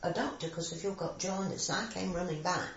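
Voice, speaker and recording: An older woman from recalls her past, a gravelly voice with a lively storyteller's way of acting out the people she quotes. The recording is echoey and dull. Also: on the low side, a little fast, slight background noise. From Sheffield area, England. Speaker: interviewee. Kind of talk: oral history reminiscence.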